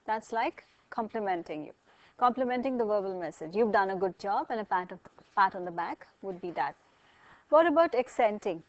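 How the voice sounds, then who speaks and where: A woman's voice: medium pitch, expressive, moderate pace, dry recording, muffled recording. Female lecturer asking her class questions. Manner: asks students questions, explains with examples. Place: college classroom.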